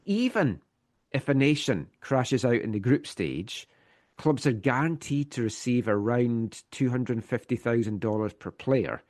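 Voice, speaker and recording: A man hosting a relaxed sports podcast, running through the week's club news in a steady, informative voice of ordinary pitch. He keeps it conversational and teases his co-host with dry humour. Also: a little slow. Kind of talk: casual sports news rundown.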